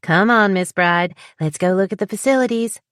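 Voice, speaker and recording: A woman performs a petite, bubbly wedding planner with a southern drawl, cheerful, upbeat, chatty and eager to please. Her mid-range voice, at normal speed and a bit bright, is pitched above her natural voice and lightly acted, in a studio-quality recording with no room sound.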